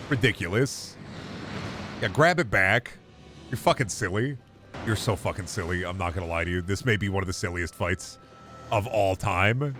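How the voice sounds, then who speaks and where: A man's voice: low voice, a little fast, fairly bright tone. A young man casually commenting on a game stream, rambling, jokey and profane. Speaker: gaming streamer.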